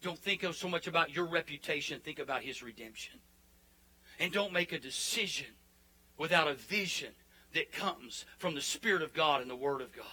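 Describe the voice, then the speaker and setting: A man preaching a sermon as pastor, building to fervent declarations and dropping into soft, hushed prayer. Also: a little high, animated, normal speed, slightly rough, low-quality recording.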